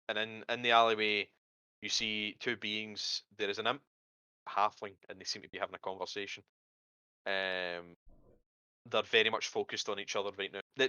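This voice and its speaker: A man's voice: lowish voice, sharp tone, clear, resonant tone, no echo, lo-fi sound. A man narrating as game master of a tabletop game, rambling with hesitations and casual swearing.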